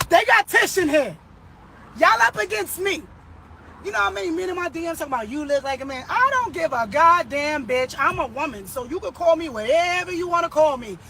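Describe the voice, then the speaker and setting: A hoarse woman, a singer, ranting emphatically and profanely, often shouting. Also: high-pitched, slight background noise. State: hoarse, losing her voice. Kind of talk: social media rant.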